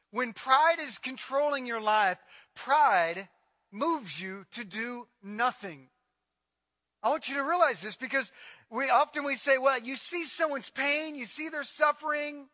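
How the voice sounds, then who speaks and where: A man preaching a sermon on scripture, dramatic and emphatic, swinging from loud repeated lines to low murmurs and acting out quoted voices. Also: no room sound.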